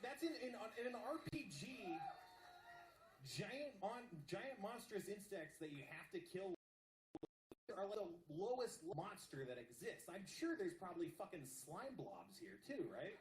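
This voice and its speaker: Animated, high-voiced man riffing on stage. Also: a little slow. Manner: rambling, profane, animated riffing. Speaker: comedy show host. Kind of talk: live comedic banter on stage. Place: live stage venue. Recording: echoey live room with background noise.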